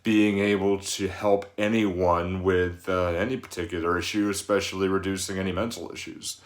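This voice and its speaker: A man's voice: low voice, little pitch movement, normal speed, echoey room. A man in his thirties, a personal trainer, giving casual advice in a rambling way with many fillers and restarts. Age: 30s.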